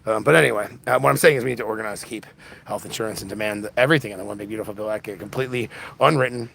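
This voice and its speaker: A man's voice: lowish voice, rapid-fire, creaky, fairly bright tone, a little hiss or hum. An exhausted man hosting a casual livestream, rambling with lots of restarts, recorded on a phone. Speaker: livestream host.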